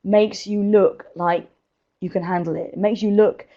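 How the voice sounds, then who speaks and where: An energetic woman speaker, giving presentation tips in a live webinar and laughing often. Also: medium pitch, normal speed, highs cut off.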